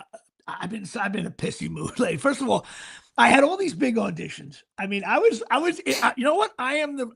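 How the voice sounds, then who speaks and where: Middle-aged man, high husky voice, animated sports-show co-host who acts out the play-by-play. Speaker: podcast co-host. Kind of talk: casual sports chat.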